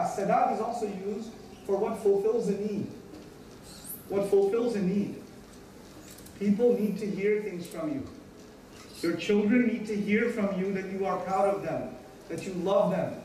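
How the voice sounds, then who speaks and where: A man gives an earnest sermon in a high voice, slipping into short acted exchanges to make his points. He is heard from a distance in a large, very echoey hall with faint background noise. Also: dark tone. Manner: earnest, acts out little dialogues with other voices. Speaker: preacher.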